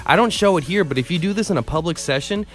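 A man's voice: a little high, animated, quick pace, soft background music. A man talking casually over gameplay footage, explaining glitches step by step in a rambling, self-amused way with lots of fillers. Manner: chatty, rambling with fillers, laughs at himself. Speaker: gaming YouTuber. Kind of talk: casual game tutorial voice-over.

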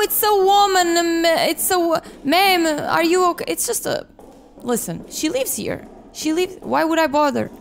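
Woman, 20s, gaming creator: high and animated, reactive and sweary, game music behind. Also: gravelly, slight background noise. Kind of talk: let's play commentary.

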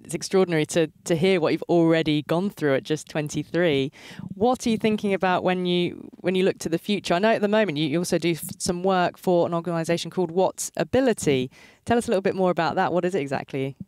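A woman hosting a radio interview, with a smooth, measured presenter delivery. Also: lowish voice, darkish tone, no echo. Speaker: radio show host.

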